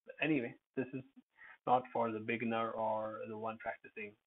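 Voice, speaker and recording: A man's voice: on the low side, flat delivery. Man teaching pronunciation over a tinny line. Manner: digressive, with many pauses and fillers. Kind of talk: rambling pronunciation lesson. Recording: phone-like narrow sound.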